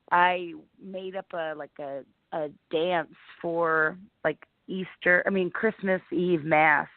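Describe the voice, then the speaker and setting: Guest comedian, young woman, chatty and animated storyteller; dry, tinny phone-like sound. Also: on the low side, no room sound. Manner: chatty, animated, lots of "like" fillers. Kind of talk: casual interview storytelling.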